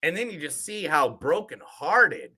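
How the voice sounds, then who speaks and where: A male podcast host chats about a film in an animated, sweary way, his pitch leaping around constantly. His voice is bright and forceful and sits a little high for a man. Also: unhurried, breathy edge. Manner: animated, sweary, repeats himself. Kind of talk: casual movie review chat.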